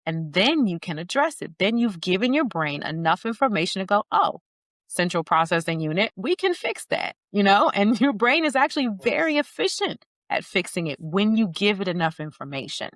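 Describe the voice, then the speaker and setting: A woman's voice: medium pitch, sing-song, fairly quick, hardly any pauses, a bit bright, no echo. A middle-aged woman speaking as a grief coach in an interview, earnest and storytelling, acting out bits of dialogue. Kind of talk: conversational interview.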